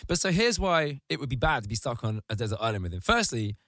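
Animated ranting man, dry close mic. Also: fast talker, no echo. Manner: animated ranting, mocking voices in sudden high squeals. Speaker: podcast host. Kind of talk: casual comedic podcast chat.

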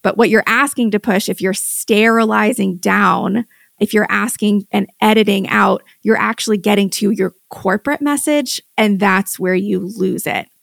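A woman co-hosting a podcast conversation, speaking in an animated, emphatic way with many fillers. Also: medium pitch, moderate pace, vocal fry, no echo, studio quality.

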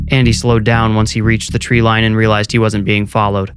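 A man reads a horror story in a steady, measured way, a low voice carrying the suspense. The delivery is scripted and even. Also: loud music behind the voice. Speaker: narrator. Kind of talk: scripted horror audiobook narration.

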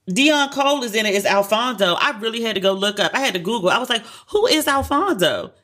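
Chatty bright-voiced woman. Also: quick pace. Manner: animated, chatty, quotes herself in exaggerated high tones. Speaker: podcast co-host. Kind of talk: casual pop-culture chat.

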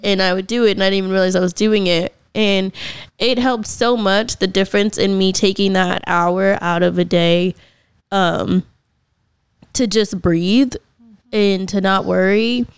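A young woman talks casually and animatedly, acting out what she said at the time. Her voice is smooth and clear. The sound is dry and close. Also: mid-range voice, unhurried, no echo. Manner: animated storyteller, acts out her own past lines. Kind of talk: casual chat.

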